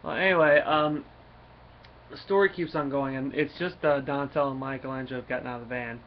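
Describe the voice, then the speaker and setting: Male comic reviewer, casual and rambling, full of fillers; mid-pitched voice, faint background noise. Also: fairly even intonation, fast talker. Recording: dull lo-fi recording, faint noise.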